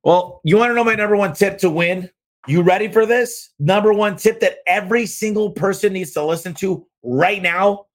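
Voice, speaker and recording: A man hosting a podcast, answering listener questions with punchy, emphatic business advice and sudden exclamations. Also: sits high. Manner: talks fast by his own account.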